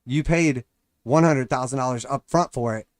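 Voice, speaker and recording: A man's voice: medium pitch, normal speed, no room sound, clean studio sound. A man hosting a casual market livestream, talking in a loose, rambling way and acting out quoted voices. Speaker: crypto and stock market livestream host.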